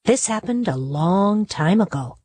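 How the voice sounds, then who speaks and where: A woman voicing a kind old grandmother who gently tells her grandson a story, in a storybook play. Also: medium pitch, expressive, unhurried, no echo. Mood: gentle. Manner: gentle explaining.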